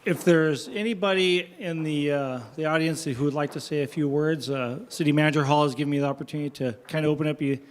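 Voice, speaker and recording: Guy chairing the council meeting, kinda high voice, lots of ums and uhs. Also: steady tone, fast talker, hardly any pauses. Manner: hesitant, many fillers. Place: council chamber.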